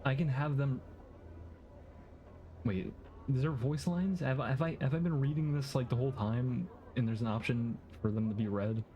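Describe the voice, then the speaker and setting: A man's voice: medium pitch, lo-fi sound, slight background noise. A man streaming a game, talking casually with many halts, restarts and fillers. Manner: halting, stammering, lots of fillers.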